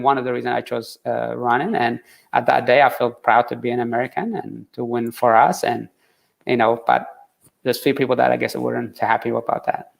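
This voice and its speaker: A man telling his story in an interview, earnest and halting, with many fillers and restarts. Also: mid-range voice, vocal fry. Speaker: interview guest, marathon runner. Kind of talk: conversational interview.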